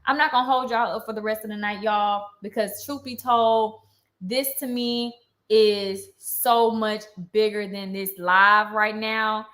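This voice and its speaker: A young woman vlogger ranting heatedly on a live stream, indignant and fast-talking, with features. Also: medium pitch, fairly even intonation, fairly bright tone.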